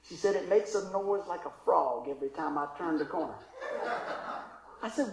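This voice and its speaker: A man's voice: high voice, normal speed, gravelly, dark tone, reverberant, rough recording. A middle-aged man preaching a sermon, telling a funny story and calling for responses from the congregation. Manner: folksy, call-and-response, acts out story voices. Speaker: pastor.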